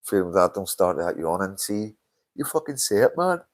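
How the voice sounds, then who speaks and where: Older man, very deep voice, sweary, tired, casual stream chat. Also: big pitch swings, normal speed. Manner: swears a lot, tired and yawning. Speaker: livestream host. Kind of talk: casual live-stream chat reading comments.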